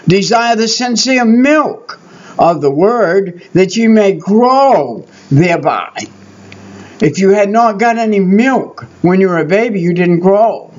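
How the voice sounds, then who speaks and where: An older man preaching a Bible teaching sermon, emphatic and repetitive, driving his points home. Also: sits high. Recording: dull lo-fi recording.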